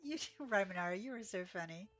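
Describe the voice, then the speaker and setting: Sleepy woman streaming a horse game, chatty and excitable, faint music behind. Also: mid-range voice, a little fast, lo-fi sound. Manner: chatty, reads chat aloud, gasps and exclaims. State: sleepy, yawning. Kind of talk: casual live-stream chat.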